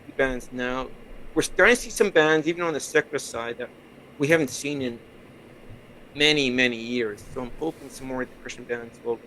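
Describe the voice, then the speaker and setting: Speaking briskly with a sharp tone and a mid-range voice, a Canadian man chats as a podcast guest via remote call mic. The audio is poor, with a little hiss or hum, while he rambles through his stories in an easygoing, casual interview manner.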